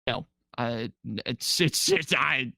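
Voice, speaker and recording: A man's voice: medium pitch, takes it slowly, pushed and bright, no echo, clean studio sound. A man co-hosting a podcast, casually recapping a movie plot with jokes and mocking voices for quoted characters. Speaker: podcast co-host. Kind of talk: casual movie review chat.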